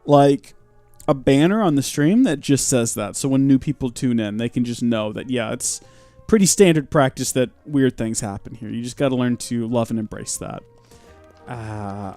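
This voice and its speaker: A young man streaming a video game live, chatting and joking with his audience as he plays, with sudden bursts of mock shouting. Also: medium pitch, animated, moderate pace, no echo, soft background music. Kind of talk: live gameplay commentary.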